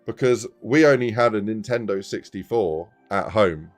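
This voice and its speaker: A man's voice: lowish voice, moderate pace, faint music behind. A man in his thirties, casually telling a rambling anecdote on a live stream, laughing often.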